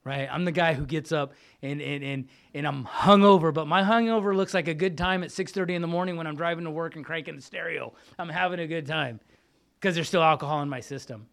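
A man's voice: a little high, fairly quick, creaky, a bit bright. A middle-aged man giving a casual, heartfelt recovery testimony, often repeating phrases and calling listeners "man.". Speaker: speaker sharing at a recovery meeting.

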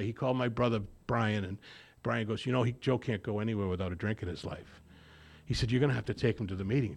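Man, gravelly voice, mid-range pitch; shares his recovery story at a meeting, plays all the voices in it. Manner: storytelling, acting out dialogue, self-deprecating humor. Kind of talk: personal testimony talk.

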